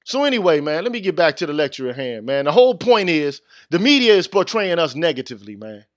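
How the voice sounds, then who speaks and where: A man's voice: on the high side, big pitch swings, quick pace, no echo. A man hosting his own channel, ranting bluntly in street slang, heated and confrontational in a casual monologue to viewers. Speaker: channel host.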